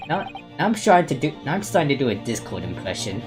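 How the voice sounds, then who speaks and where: A woman streamer tosses out blunt, casual asides while playing, in a low-pitched voice. Clear game music runs behind her throughout. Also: big pitch swings, fast talker, hardly any pauses.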